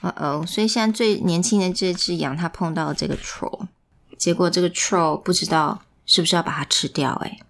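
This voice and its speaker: Brisk and lowish-voiced with some vocal fry, a woman reads a picture book aloud to a child. She's playful, full of questions for the little one, and moves back and forth between two languages.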